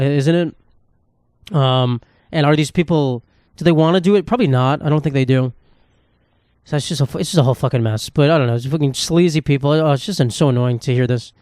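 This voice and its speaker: A man's voice: on the high side, darkish tone, no echo, clean studio sound. A man hosting a podcast in a casual comedic monologue, ranting profanely and rambling with restarts. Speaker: podcast host. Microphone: podcast microphone.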